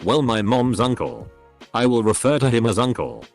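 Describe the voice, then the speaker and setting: A man reading short stories aloud in a steady, scripted narration style. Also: medium pitch, moderate pace, faint music behind.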